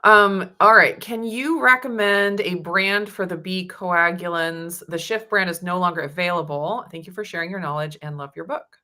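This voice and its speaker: A woman's voice: on the low side, moderate pace, few pauses, bright, forceful tone. A woman hosting a live Q&A, reading out viewer questions, thanking viewers and adding short, encouraging replies. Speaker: host.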